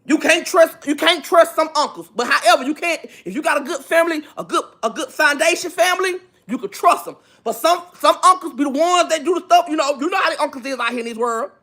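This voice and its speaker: Preachy high-voiced woman ranting on a livestream. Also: fast, few pauses, fairly bright tone. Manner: preachy, repetitive, emphatic, asks for amens. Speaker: livestream gossip host. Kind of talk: livestream commentary.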